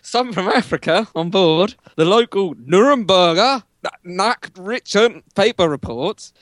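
Guy reading a news bit on a comedy podcast, trips over words, bit high voice, dry sound. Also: lively intonation, measured pace, fairly bright tone, dry recording. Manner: reads aloud with stumbles, mock exasperation. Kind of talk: casual comedic podcast banter.

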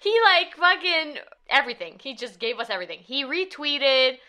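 A woman's voice: high-pitched, sing-song, normal speed, pushed and bright. A woman with a Canadian accent co-hosting a podcast, giggling often and swearing freely. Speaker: podcast co-host. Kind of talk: casual chat.

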